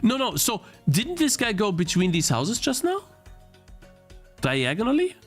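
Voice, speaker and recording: A man's voice: high-pitched, wildly swooping pitch, measured pace, soft background music. A young man streaming a game he is playing, thinking aloud, restarting his sentences and getting easily frustrated. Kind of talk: live-stream gameplay commentary.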